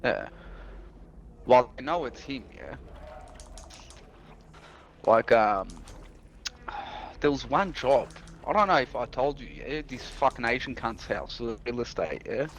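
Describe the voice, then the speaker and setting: A man's voice: medium pitch, expressive, slow, long pauses, fairly bright tone, a little hiss or hum. A man, a streamer and house painter, rambling through a work story full of swearing and acted-out quotes. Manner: rambling, swears a lot, acts out quoted dialogue. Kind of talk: casual storytelling chat.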